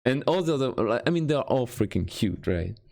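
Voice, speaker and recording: Gravelly, animated streamer man. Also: medium pitch, a little fast. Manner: animated, self-mocking, jumps between mutters and squeals. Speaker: game dev streamer. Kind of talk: casual live-stream chat.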